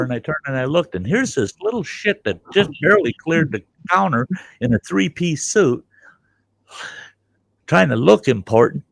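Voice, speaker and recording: A man's voice: on the high side, sing-song, moderate pace, vocal fry, dry recording. An older man hosting a livestream, bluntly telling a story and acting out both sides of the argument. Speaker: livestream host. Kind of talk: casual storytelling.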